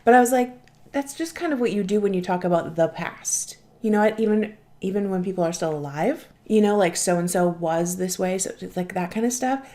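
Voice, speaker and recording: Young woman reaction host: chatty, gushing, mid-pitched, casual swearing. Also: a little fast, mellow.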